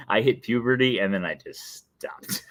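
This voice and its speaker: A man's voice: mid-range voice, no echo. A young adult man hosting a casual live stream, chatty and playful, often laughing at himself. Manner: playful and chatty, breaks into sung jingle and laughs. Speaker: host.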